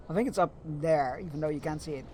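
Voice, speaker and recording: Rambly streamer guy, fairly high voice, chatting while he plays, faint hiss behind. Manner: rambling and chatty, with many fillers. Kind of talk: casual chat while gaming.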